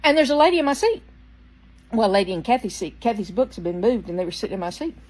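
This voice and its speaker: A woman's voice: on the high side, animated, fast, poor audio. Chatty woman telling a personal story. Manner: chatty, rambling with restarts and fillers; quotes people in changed voices, dropping to a hush for soft lines. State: occasional coughing from a tickle in her throat. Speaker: storyteller vlogger. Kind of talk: casual spoken storytime.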